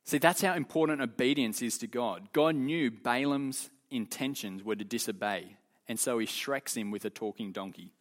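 A man leading a youth Bible lesson, telling the story in an animated, casual way full of slang. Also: mid-range voice, normal speed. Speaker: youth leader teaching.

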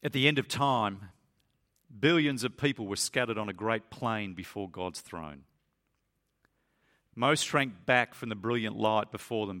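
A man preaching a sermon, earnest and emphatic, who reads a story aloud to his listeners. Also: a bit bright. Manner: earnest and emphatic, climbing higher when stressing points.

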